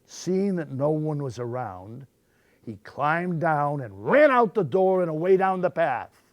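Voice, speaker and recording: A man reads picture books aloud at storytime, his voice rising and falling with animated expression. He takes his time, with a gravelly texture in a close, dry recording. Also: fairly high pitch, measured pace, dry recording. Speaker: storytime reader.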